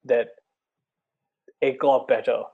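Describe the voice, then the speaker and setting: A man from India, a podcast guest, speaking calmly and in a measured way with small hesitations. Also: medium pitch, gravelly, breathy edge, dull audio. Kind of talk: reflective conversation.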